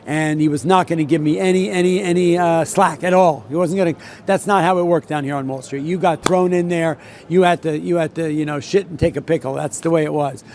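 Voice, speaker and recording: Older New man, veteran trader, rambling storyteller, slightly high voice, faint noise behind. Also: steady tone, brisk, hardly any pauses, a little mellow. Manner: rambling, many restarts and repeats. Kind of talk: solo talk with anecdote.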